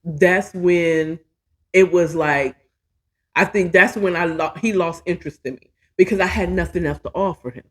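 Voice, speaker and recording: In a fairly low voice at normal speed, a woman hosting her own show tells a personal story. She is candid and chatty, swears freely, and often turns the joke on herself in this casual monologue.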